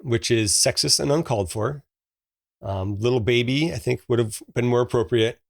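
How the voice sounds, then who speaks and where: A man in his forties co-hosts a casual movie podcast, telling stories with lots of fillers and easy laughs. His voice sits at a middle pitch. The sound is dry and close, with no room echo. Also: normal speed, vocal fry. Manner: chatty storyteller, frequent fillers and laughs. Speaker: podcast co-host. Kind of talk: casual movie review chat.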